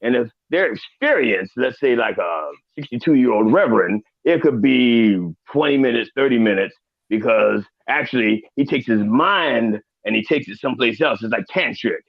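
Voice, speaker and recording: A comedic guest in a studio plays a crude older reverend in improvised character comedy, rambling and profane with preacher-like asides. His medium-pitched, animated voice has vocal fry and moves at normal speed, with no room sound and lo-fi audio; the mood is mixed.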